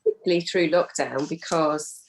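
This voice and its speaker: A woman's voice: deep voice, fairly even intonation, moderate pace, vocal fry, slight background noise. A woman with an English accent, a parent carer, talks candidly about home life in a support group, restarting her sentences as she goes. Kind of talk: casual sharing in a group call.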